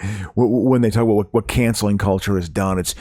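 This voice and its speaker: A man co-hosting a podcast in casual chat, talking in an animated way with lots of restarts and "you know"s. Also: on the low side, fast, no room sound, clean studio sound. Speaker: podcast co-host.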